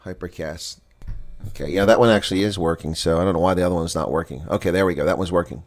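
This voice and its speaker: A man giving live play-by-play rugby commentary from a home setup, getting louder and higher on big plays. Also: quick pace. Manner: excitable, bursts loud and high on big plays.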